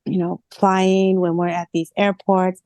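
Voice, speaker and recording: A woman's voice: lowish voice, unhurried, dry recording. A woman co-hosting a casual podcast chat, telling stories animatedly and acting out quoted lines. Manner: animated storytelling with acted-out quotes. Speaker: co-host.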